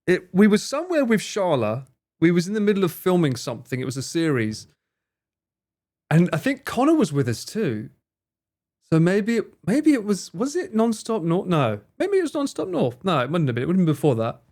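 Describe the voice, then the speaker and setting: A man's voice: sits high, wildly swooping pitch, brisk, darkish tone. A man streaming live, reacting to a video with teasing, joking commentary.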